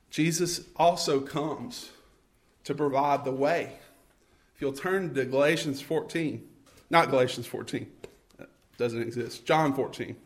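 A man preaching a sermon, conversational and self-correcting, acting out scenes and building to fervent calls. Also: mid-range voice. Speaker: pastor.

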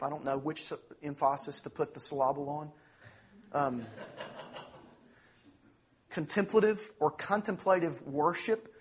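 A man preaching a sermon as pastor, earnest, slowing down on key phrases and speeding through asides. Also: a little high, husky. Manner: earnest preaching, slows for emphasis, quick asides.

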